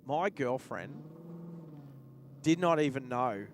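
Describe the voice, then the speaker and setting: Inside a car, a young Australian driving livestream host speaks slowly and expressively at medium pitch, with a little hiss or hum in the audio. He rambles through a casual anecdote while driving and chuckles as he goes.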